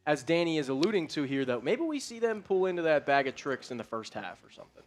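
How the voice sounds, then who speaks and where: A man's voice: on the high side, very animated, quick pace. A man co-hosting a live sports stream, talking in a laid-back, casual way. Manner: laid-back, loose speech with fillers. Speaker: co-host.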